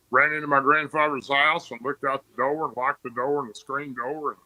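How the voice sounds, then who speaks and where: A man's voice: mid-range voice, sharp tone, dry recording, poor audio. A man from Tennessee, a podcast guest, telling a story in plain, rambling casual speech.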